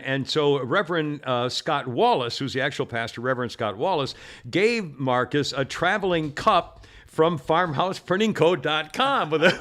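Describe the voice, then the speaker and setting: A man's voice: on the high side, a bit bright. Rambling man hosting a podcast. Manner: rambling, self-interrupting, laughs often. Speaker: podcast host. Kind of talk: casual rambling chat.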